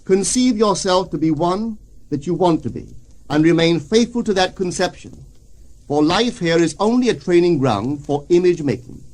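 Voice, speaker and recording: Male reader, spiritual lecture, solemn and measured, fairly high voice with very lively intonation. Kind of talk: reading a spiritual lecture aloud.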